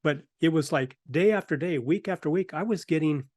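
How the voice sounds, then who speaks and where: A man's voice: a little high, brisk, no room sound. A middle-aged man hosting a talk show, telling a casual anecdote and acting out what people said. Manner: animated anecdotes with acted-out quotes. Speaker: host. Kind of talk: casual storytelling.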